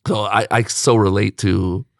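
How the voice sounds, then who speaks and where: A man hosting a podcast in casual chat, animated and quick to laugh, often jumping up high for emphasis. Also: creaky, no echo, studio quality. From United States. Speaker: podcast host. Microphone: studio mic.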